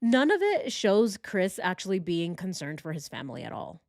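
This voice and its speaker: A woman hosting a true crime channel, reading text messages aloud with indignant, sarcastic commentary into a boom-arm microphone. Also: very animated, normal speed, a little mellow, dry recording, studio quality.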